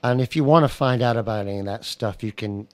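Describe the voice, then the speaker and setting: An American man with a lowish voice chats in a radio studio about his gigs and his songs. He rambles in an easygoing way, circling back with fillers and restarts, and the odd Scottish word slips into his American accent. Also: quick pace, dry recording. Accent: American, picking up Scottish words. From United States. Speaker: singer-songwriter guest. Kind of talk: casual radio interview.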